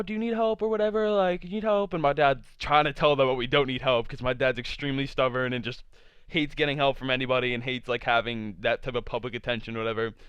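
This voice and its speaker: A young man tells a story to camera in a loose, rambling way, packing his sentences with fillers and curse words. His voice is smooth and clean in a dry, close sound, though the recording itself is a bit dull and lo-fi. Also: mid-range voice, a bit bright, dry recording. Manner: rambling, full of "like" fillers, profane. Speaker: vlogger. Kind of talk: casual storytime.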